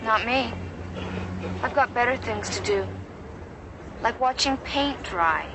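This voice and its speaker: An actress playing a sharp-tongued teenage outcast girl brushing off a boy in a TV clip. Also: on the high side, expressive, takes it slowly, background noise. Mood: scornful. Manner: curt, scornful retorts. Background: music.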